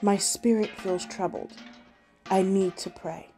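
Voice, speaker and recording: A woman voicing a devout elderly grandmother praying softly. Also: medium pitch, steady tone, slow pace, soft background music. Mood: prayerful.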